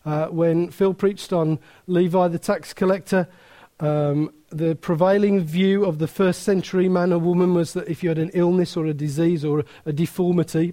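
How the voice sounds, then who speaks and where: Excitable preacher man. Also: sits high. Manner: animated storytelling, many restarts, laughs at own story. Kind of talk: sermon with anecdote.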